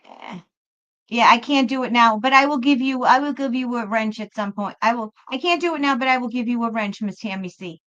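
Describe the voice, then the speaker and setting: Bright-voiced chatty woman on a live stream. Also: a little high, brisk, muffled recording. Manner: rambling, chatty, self-interrupting. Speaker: tarot reader hosting a live stream. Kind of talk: casual live-stream chat.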